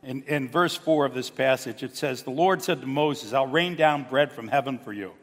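A man preaching a sermon as pastor, animated and full of rhetorical questions, sometimes dropping to a low murmur. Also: normal speed. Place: church sanctuary. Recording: church hall reverb.

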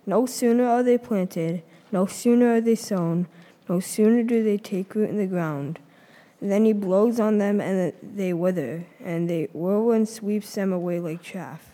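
Mellow woman reading scripture in church. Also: mid-range voice, long reverb tail. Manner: measured, earnest reading with a few small stumbles. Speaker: scripture reader.

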